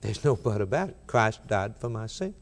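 A man preaching a sermon, emphatic and rhythmic, rising loud and dropping soft, slowing down when he quotes scripture. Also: lowish voice, sing-song. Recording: long reverb of a large hall.

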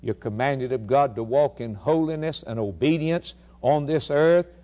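A man preaches an emphatic radio sermon in a mid-range voice at ordinary speed. He keeps asking rhetorical questions, his delivery veering from loud declarations to hushed remarks.

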